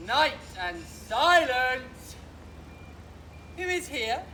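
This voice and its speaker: Puck, an actor playing a slow, sly sprite. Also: high-pitched, very animated, bright, forceful tone, a little hiss or hum, heavily acted. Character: mischievous sprite Puck, servant of a fairy king. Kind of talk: outdoor stage acting of verse.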